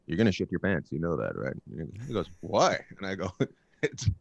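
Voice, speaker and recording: A man guest on a podcast, telling road stories in a casual, animated way and acting out quotes loudly. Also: low-pitched, a little fast, vocal fry, no echo. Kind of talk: casual storytelling.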